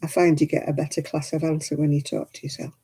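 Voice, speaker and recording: A woman's voice: low voice, flat delivery, fast, dark tone, husky. A woman hosting a crafting livestream at home, chatting casually and rambling as she crochets, counting stitches under her breath. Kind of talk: casual chat while crocheting. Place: at home indoors.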